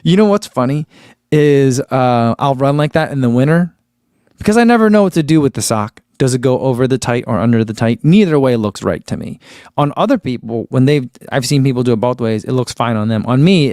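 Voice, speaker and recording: A young man hosting a running channel chats easygoingly on a livestream, rambling as he shows products and reads viewer comments aloud. His medium-pitched voice is animated, a little fast and a little mellow, captured in studio quality with no room sound.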